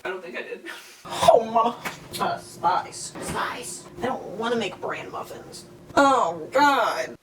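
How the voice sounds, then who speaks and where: A man's voice: very high voice, normal speed. Young man, home baking vlogger. Rambling, self-mocking, swears freely; distant laptop mic in a roomy, noisy kitchen. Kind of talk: casual solo vlog chat while baking.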